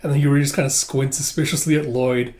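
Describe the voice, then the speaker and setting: A man's voice: medium pitch, fairly even intonation, fast, darkish tone. A man casually reading a comic aloud and retelling it with a chatty "he's like" delivery. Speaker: comic reader and commentator. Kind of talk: casual comic read-through.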